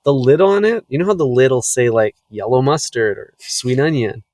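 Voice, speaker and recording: A young man co-hosting a comedy podcast, telling stories in a wry, deadpan way with frequent laughs. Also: mid-range voice, normal speed, no echo. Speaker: podcast co-host. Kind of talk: casual comedic chat.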